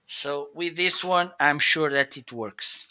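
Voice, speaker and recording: A man's voice: on the high side, sharp tone. A man from South Africa co-hosting a live shopping stream, demoing a mic and speaker with playful jokes. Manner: playful, joking, unhurried. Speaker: live shopping show co-host. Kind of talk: casual live-stream product demo. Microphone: handheld mic through a speaker.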